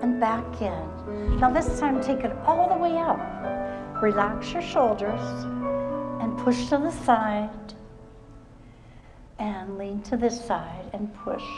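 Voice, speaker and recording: With music playing beneath her, a woman leads a seated workout on a live stage show, her voice a little high. She offers brief, calm instructions one step at a time and keeps cheering the audience on.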